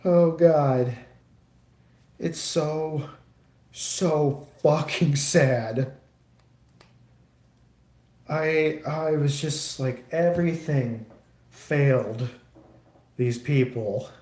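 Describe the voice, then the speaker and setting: Slow-talking man in an echoey room. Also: fairly high pitch, mellow. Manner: rambling and profane, many restarts. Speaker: livestreamer. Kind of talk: casual chat while building a model kit.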